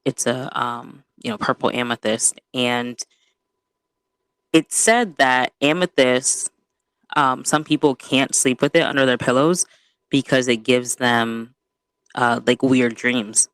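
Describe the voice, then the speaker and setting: A woman co-hosting a podcast in casual chat, talking in a relaxed, unhurried way with frequent laughter and slangy asides. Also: extremely low pitch, clear, resonant tone, no room sound. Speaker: podcast co-host.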